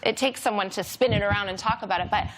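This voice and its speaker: A woman in her thirties trades deadpan jokes as a talk show guest. A steady noise hum sits under her voice. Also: medium pitch, fast talker. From Canada. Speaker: comedian guest.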